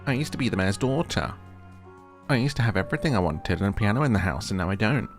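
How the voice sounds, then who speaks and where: A man's voice: lowish voice, lively intonation, fast talker. A man voicing a grumpy, spoiled young farm wife in a whiny, complaining tone, with game music behind. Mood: sulky.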